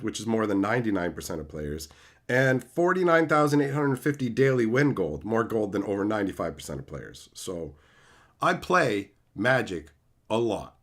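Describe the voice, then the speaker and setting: A man's voice: fairly low pitch, animated, brisk. A man from Canada, a YouTuber ranting profanely on a livestream. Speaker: YouTuber and streamer.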